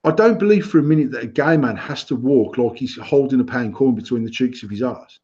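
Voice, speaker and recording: A British man on a casual podcast, airing his views bluntly and swearing freely, often restarting his sentences. His voice is husky, with a middling pitch. The recording sounds a little dull and lo-fi. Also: a little fast, mellow. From United Kingdom. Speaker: podcast co-host.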